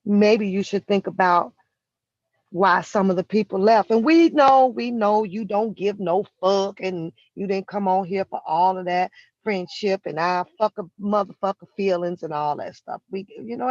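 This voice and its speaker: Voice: medium pitch, normal speed, no room sound. A vlogger delivering a heated, profane commentary rant from inside a vehicle. The speaker talks confrontationally and stretches out key words for emphasis. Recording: dull, lo-fi and dry.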